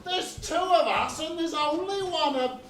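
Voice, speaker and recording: A woman acting a dim, gloating pirate henchman in a pantomime, with a slow drawl. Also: very high voice. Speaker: amateur stage actor. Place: community stage hall. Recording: echoey hall from far off, noisy.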